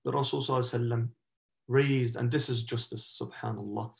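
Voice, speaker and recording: A man's voice: medium pitch, fairly even intonation, fast talker, creaky. A man, a shaykh, giving a religious lesson as an impassioned story, with Arabic religious phrases mixed in and a rising, emphatic delivery. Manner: impassioned, swells in emphasis with oaths. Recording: echoey roomy sound.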